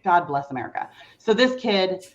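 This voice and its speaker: Chatty mom telling a story, lo-fi audio. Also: female voice, on the low side, moderate pace. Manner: animated storyteller, many "like" fillers. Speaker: podcast guest; mother of a teenage son. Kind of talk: casual chat.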